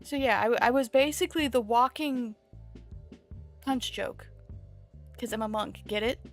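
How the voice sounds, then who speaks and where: Chatty woman streamer, higher voice. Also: a little slow. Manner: rambling, self-amused, jumps between tangents. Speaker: VTuber streamer. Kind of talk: casual art-stream chat. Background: soft background music.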